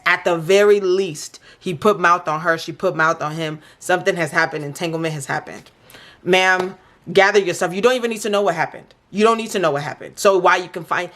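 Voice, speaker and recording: A woman's voice: on the low side, fairly bright tone. A woman hosting a reaction video, giving blunt and exasperated casual commentary on a reality show.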